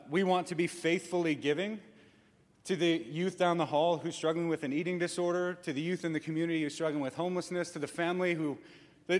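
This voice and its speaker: A man speaking as a pastor to his church, playful and acting out little voices to make his points. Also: on the high side. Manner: playful, acts out voices for effect. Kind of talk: church announcement talk. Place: church sanctuary. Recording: long reverb in a large room.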